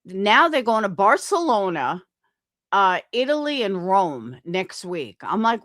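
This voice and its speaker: A woman's voice: mid-range voice, big pitch swings, unhurried, a bit bright, no room sound, clean studio sound. Blunt, profane woman streamer. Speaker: streamer reviewing clips. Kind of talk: commentary on played clips.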